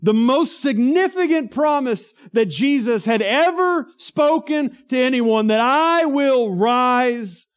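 A man's voice: very high voice, expressive, measured pace, hardly any pauses. A man preaching a sermon, conversational and down to earth, with bursts of emphasis and humorous personal asides. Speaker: pastor.

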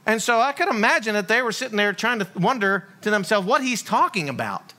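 A man's voice: high voice, sing-song, brisk, pushed and bright. A man preaching a sermon as a pastor, full of rhetorical questions and folksy humor.

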